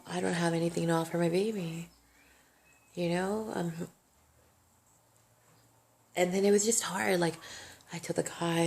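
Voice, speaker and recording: A woman's voice: on the low side, vocal fry, a little mellow. A young woman vlogging a personal story, emotional and rambling, swearing freely. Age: young adult. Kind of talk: casual storytime monologue.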